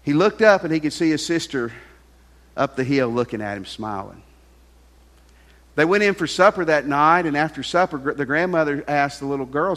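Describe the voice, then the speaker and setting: A pastor preaching a sermon, telling a story and sinking to a soft hush on key lines. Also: male voice, a little high, moderate pace. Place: large church hall. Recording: long hall reverb with faint music.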